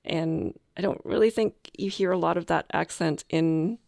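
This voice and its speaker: A Canadian woman, a game master, chatting casually with many ums and pauses. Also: fairly low pitch, vocal fry, a little mellow, no room sound, studio quality. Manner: hesitant, many ums, laughs often. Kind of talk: casual podcast chat.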